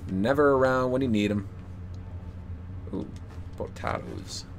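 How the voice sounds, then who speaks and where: A man's voice: medium pitch, measured pace, creaky, over music. A man live-streaming a video game, talking through his play in an exasperated, jokey way.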